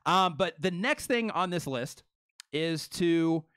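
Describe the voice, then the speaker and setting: A man co-hosting a live stream, talking fast and energetically with many fillers like "you know" and "right". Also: fairly high pitch, animated, a bit bright, clear, resonant tone, dry recording. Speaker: co-host.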